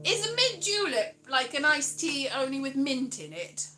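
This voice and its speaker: A woman's voice: high voice, sing-song, normal speed, bright, forceful tone, faint music behind. A British woman hosting a casual live stream, chatting playfully and drifting into sing-song. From United Kingdom.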